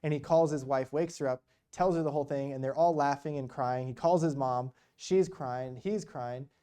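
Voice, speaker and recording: Mellow-voiced man telling a church story. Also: medium pitch, moderate pace, clear, resonant tone. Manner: rambling, retells conversations with many quotes. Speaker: missionary guest speaker. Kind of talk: casual storytelling talk.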